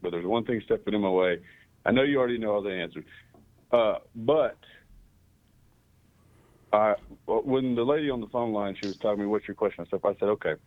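A man from Texas with a Texan accent, calling in to a radio show, earnest and rambling as he thinks aloud. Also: lowish voice. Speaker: caller. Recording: tinny phone line.

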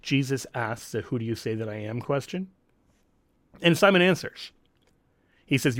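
A man teaching scripture as a Catholic Bible teacher. He talks in an emphatic way and explains step by step, adding quick asides. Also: medium pitch, sing-song, a bit bright, no room sound.

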